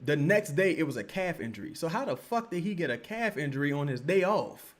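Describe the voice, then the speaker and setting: A young man from Louisiana, doing profane, animated live-stream basketball commentary and repeating "right?" to make his points. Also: a little high, brisk.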